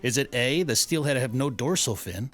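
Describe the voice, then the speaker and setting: A man's voice: mid-range voice, animated, normal speed, a bit bright. A man hosting a radio show, chatting casually and running a trivia segment in a loose storytelling way.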